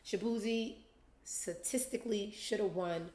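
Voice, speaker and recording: A woman's voice: mid-range voice, unhurried, a little mellow, slight background noise. A woman hosting a commentary show, ranting in a blunt, scornful way. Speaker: show host. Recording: roomy echo.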